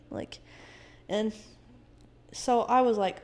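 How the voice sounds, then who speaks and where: A young woman, a podcast guest, telling a personal story in a casual, animated way, often quoting others and swearing. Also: a little high, measured pace.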